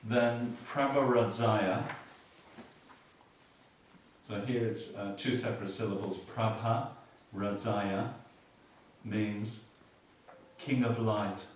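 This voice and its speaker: A man giving a Buddhist teaching, explaining slowly and repeating key words, with dry humor. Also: fairly low pitch, steady tone, slight background noise. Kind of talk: dharma teaching. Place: meditation hall. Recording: echoey hall from far off.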